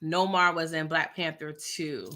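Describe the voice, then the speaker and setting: A middle-aged woman, hosting a casual livestream chat and reading out viewer comments, animated and laughing often. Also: low-pitched, measured pace.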